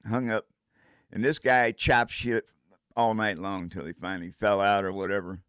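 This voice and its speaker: A man's voice: on the low side, flat delivery, normal speed, fairly bright tone, clean tone, no echo, studio quality. An older man telling a casual first-person story in a rambling way, breaking into vocal sound effects.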